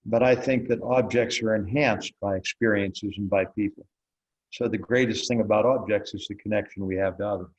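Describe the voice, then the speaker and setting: With a fairly low pitch and a steady tone, this older man speaks briskly over lo-fi audio. He's a blacksmith being interviewed, relaxed and folksy, telling stories wryly while acting out what people said.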